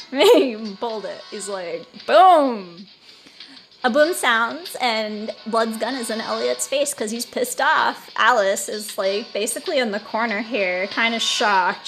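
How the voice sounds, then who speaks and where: A woman in casual let's play commentary, chatty and full of "like", retelling the game's story. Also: fairly high pitch. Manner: chatty, says "like" a lot, laughs. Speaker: let's play host translating a game.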